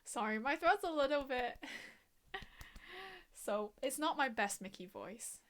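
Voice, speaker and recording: A woman's voice: high voice, expressive, measured pace, a bit bright. A woman streaming a game, chatting casually and joking at her own expense. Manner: jokey, self-mocking, laughs often. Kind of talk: casual gameplay chat.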